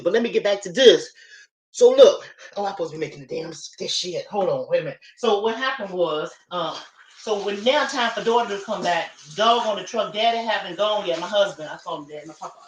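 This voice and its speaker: Over a laptop live stream with poor audio and slight background noise, a medium-pitched woman tells a story from home, walking from the kitchen to the living room. She's chatty, swears freely, and talks straight to her viewers, calling them y'all.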